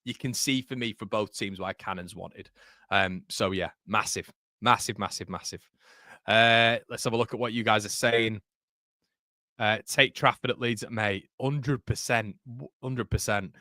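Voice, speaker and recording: A man's voice: on the low side, fairly even intonation, measured pace, bright, forceful tone, no echo, studio quality. A young man hosting a live football watchalong, chatting about the match and reading out viewer comments, tired after a long stream, often repeating words. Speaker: football channel host.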